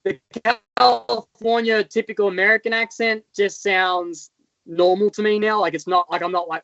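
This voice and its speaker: An Australian motocross rider in his thirties tells his story as a guest in a casual interview, rambling with lots of fillers. His high-pitched voice is a bit bright, with fairly even intonation and a moderate pace. There's no room sound, but the recording is dull and lo-fi.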